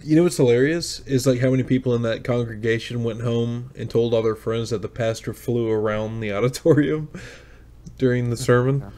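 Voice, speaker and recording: A male podcast co-host reacts bluntly to clips and swears freely as he sets up the next one. His voice sits at a middle pitch, and the talk is casual. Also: steady tone, normal speed, warm tone. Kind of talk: casual chat.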